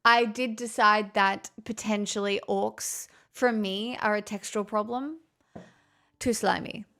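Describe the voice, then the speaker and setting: A woman's voice: mid-range voice, steady tone, a little slow, bright, forceful tone. A woman live streamer in a put-on transatlantic accent, chatting casually with her viewers, self-mocking and swearing freely. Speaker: live streamer greeting chat.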